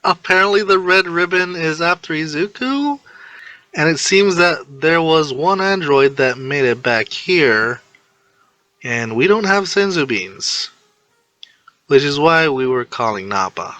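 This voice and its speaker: A man's voice: expressive, measured pace, bright, forceful tone, no echo, rough recording. A man voicing a flustered teenage boy hero who talks in a raised, hesitant voice. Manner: hesitant, raised pitch, stumbling.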